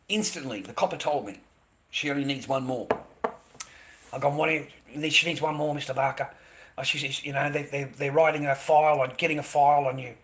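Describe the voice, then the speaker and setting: Bright-voiced, bitter Australian man ranting. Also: on the high side. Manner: bitter, profane, repeats himself. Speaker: livestreamer. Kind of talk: rambling live-stream monologue.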